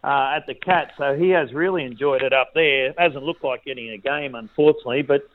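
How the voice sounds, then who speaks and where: A man's voice: mid-range voice, a little fast, phone-quality sound, noisy background. A middle-aged Australian man chatting as a radio guest, telling jokey stories with laughs. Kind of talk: casual chat.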